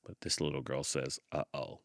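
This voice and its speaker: A man hosting a podcast, reading a picture book aloud with expressive storytelling and thoughtful hums. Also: very deep voice, a little slow, no room sound, studio quality. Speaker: podcast host.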